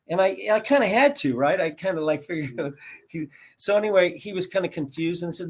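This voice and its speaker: An American man in his sixties, a guest rambling through animated anecdotes over a video call. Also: high-pitched, fairly quick, slightly rough. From United States. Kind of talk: casual storytelling interview.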